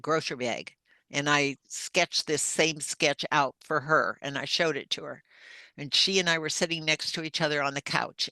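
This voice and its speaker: An older woman on a podcast earnestly recounts a personal story in vivid detail, acting out the dialogue. Her deep voice sounds pushed and bright, with no room sound.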